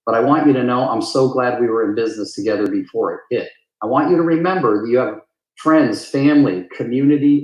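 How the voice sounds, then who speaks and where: A man of middle pitch giving earnest, emphatic advice to a live audience, leaning on repeated words to drive points home. His voice carries a roomy echo around it. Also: darkish tone. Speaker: real estate coach. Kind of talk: live town hall talk.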